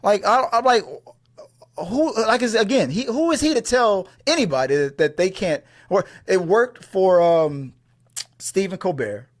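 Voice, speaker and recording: A man's voice: high voice, expressive, a little slow. A man co-hosting an entertainment news show, talking in heated casual commentary, profane and full of stammered restarts. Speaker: co-host of movie news show.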